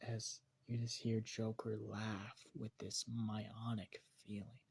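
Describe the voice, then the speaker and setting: A man improvising a dark story aloud, rambling and hesitant, often correcting himself. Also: fairly low pitch, monotone, slow pace, vocal fry, slightly rough.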